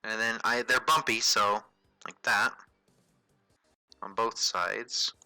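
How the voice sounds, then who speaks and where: A man with a very bright, sharp-edged voice at an ordinary middle pitch walks viewers through a digital drawing in an easygoing livestream tutorial. He thinks aloud, dropping fillers and correcting himself as he goes. The sound is dry and close, with faint music underneath. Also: takes it slowly, no room sound, poor audio. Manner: relaxed, chatty, thinks aloud with frequent fillers and self-corrections. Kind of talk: casual livestream tutorial, narrating while drawing.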